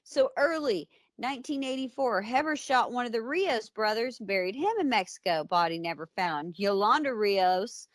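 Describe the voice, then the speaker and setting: A woman's voice: fairly high pitch, expressive, moderate pace, few pauses, no room sound. American woman recapping true crime, dry-miked. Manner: conversational, blunt, with fillers and asides. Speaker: podcast co-host.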